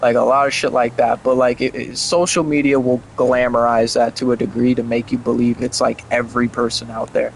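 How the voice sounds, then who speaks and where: A man's voice: medium pitch, little pitch movement, a little fast, vocal fry, hardly any pauses, slight background noise, poor audio. A young man streaming a game, chatting casually and rambling with lots of "like" and swearing. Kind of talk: casual gaming stream chat.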